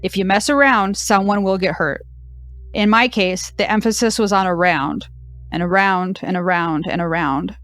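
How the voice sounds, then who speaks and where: A woman's voice: medium pitch, moderate pace, fairly bright tone, dry recording, natural voice. A woman voicing a sassy, dramatic deaf female cow dog, reading her diary with a dry, mock-dramatic delivery.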